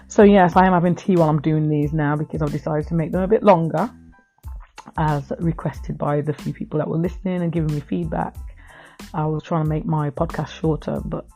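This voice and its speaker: A middle-aged woman with a low, dark-toned voice hosts a personal podcast. She reflects on her own life, telling her listeners stories in an earnest, heartfelt way.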